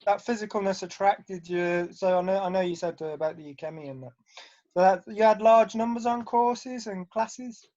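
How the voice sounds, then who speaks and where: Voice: mid-range voice, moderate pace, warm tone, muffled recording. An interviewer asking hesitant questions with fillers in a casual online Q&A session. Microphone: video call.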